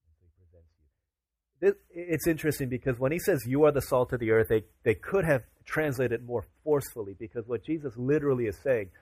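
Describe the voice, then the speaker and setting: A man's voice: mid-range voice, fast, hardly any pauses, darkish tone, husky, no room sound. A man preaching a sermon to his congregation, casual and chatty, rising to emphatic declarations. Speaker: pastor.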